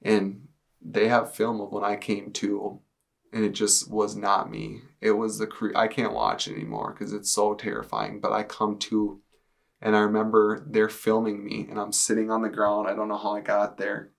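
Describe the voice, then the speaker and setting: Low flat gravelly young man. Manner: earnest, halting retelling with many fillers. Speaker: testimony speaker. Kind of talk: personal testimony, storytelling.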